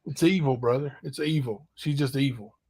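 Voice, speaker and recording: A man's voice: medium pitch, normal speed, a little mellow, slightly rough. A man hosting a casual late-night stream, plain and blunt, with short replies.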